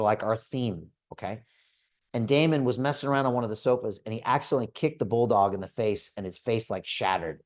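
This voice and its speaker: A host in his fifties runs a live video call, making a hard, persuasive pitch with lots of energy and a storytelling style.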